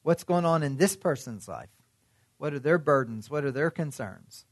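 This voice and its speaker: A man's voice: on the high side, expressive, normal speed, dry recording. Man preaching in a dry close sound. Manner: conversational preaching with rhetorical questions. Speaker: pastor. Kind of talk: sermon.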